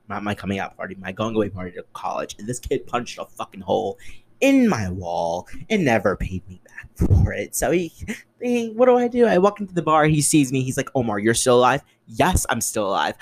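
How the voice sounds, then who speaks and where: A young man hosts his own podcast and rants alone at the mic. His pitch leaps up and down in a very lively way. He sounds exasperated and sarcastic, swears freely, and swings between loud outbursts and muttered asides. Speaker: podcast host. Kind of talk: solo podcast rant.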